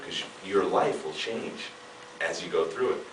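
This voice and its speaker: A man giving an emphatic motivational seminar talk, swinging from loud bursts to hushed asides, heard from a distance in a large hall. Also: low voice, measured pace, background noise. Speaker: seminar speaker.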